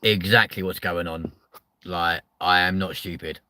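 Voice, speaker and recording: A man, hosting a live chat show with loud, sweary, joking banter. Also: low voice, fairly even intonation, a little slow, a little hiss or hum. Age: 30s.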